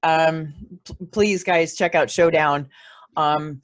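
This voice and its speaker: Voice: medium pitch, fairly even intonation, slow pace, highs cut off. Gushing, stammering interview host. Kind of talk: casual interview chat.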